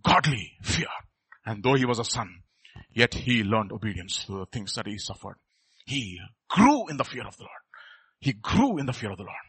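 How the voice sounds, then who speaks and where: A man preaching a sermon, firing rhetorical questions at the congregation and swinging from quiet asides to loud, emphatic peaks. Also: fairly low pitch, sing-song, moderate pace, husky, no echo.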